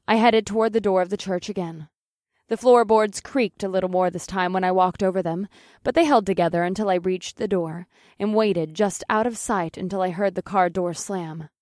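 A woman's voice: mid-range voice, darkish tone, no room sound, studio quality. A woman narrating a first-person fiction audiobook in a casual, wry storytelling manner.

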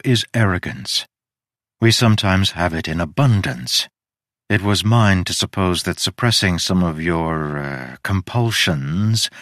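A man voicing an ageless goddess, measured and faintly wry, in an audiobook reading. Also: sits low, no room sound, clean studio sound. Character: ageless woman goddess, cool and frank.

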